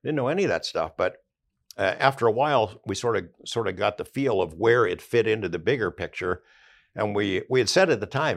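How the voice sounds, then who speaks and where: A man's voice: fairly low pitch, lively intonation, normal speed, gravelly. An older man, an investigative journalist, recounting past events conversationally in a podcast interview.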